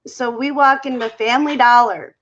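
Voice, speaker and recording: A woman guest on an online panel telling a lively story about her husband. Her voice is a little higher than average. She keeps restarting and adding fillers, and the dull lo-fi audio sounds like a video call. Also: normal speed, a little hiss or hum. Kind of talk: casual chat.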